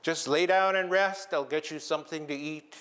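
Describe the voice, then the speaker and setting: A gentle, caring wife comforts her husband in a soothing, reassuring voice, pitched a little above everyday talk, as a male storyteller puts her on. She speaks like someone in a told folk tale, kindly and calm. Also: moderate pace, natural voice.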